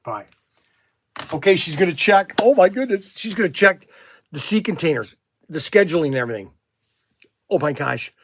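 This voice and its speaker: A man's voice: on the high side, animated, normal speed, pauses often, a bit bright, a little hiss or hum. A man running a toy shop livestream, chatty and jokey while making a phone call.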